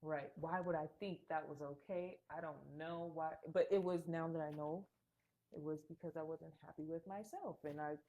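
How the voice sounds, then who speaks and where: A young woman in casual podcast chat, candid and quick to laugh, swearing freely. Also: deep voice, steady tone, mellow. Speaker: podcast guest.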